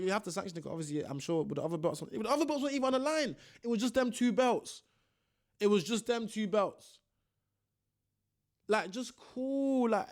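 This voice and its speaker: A young man giving casual boxing commentary, slangy and ranting, often repeating himself. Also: high voice. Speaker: boxing vlogger.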